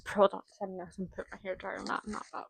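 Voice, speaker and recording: Young woman, hairdressing student, relaxed vlog chatter, quick laughs, casual swearing. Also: mid-range voice, creaky, noisy background.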